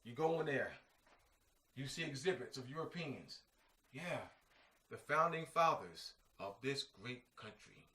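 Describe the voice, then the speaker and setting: A man's voice: mid-range voice, animated, unhurried, bright, forceful tone. A man giving an informal lecture, emphatic and repetitive, full of slang asides like "man" and "you know what I mean". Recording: echoey room, mic at a distance.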